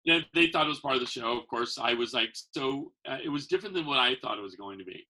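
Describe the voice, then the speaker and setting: A man's voice: mid-range voice, animated, fast talker, bright, forceful tone, low-quality recording. A man who works as a professional Santa and magician, telling stories in a rambling, casual way and acting out the people he quotes. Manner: rambling, acts out quoted voices. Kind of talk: casual conversational storytelling.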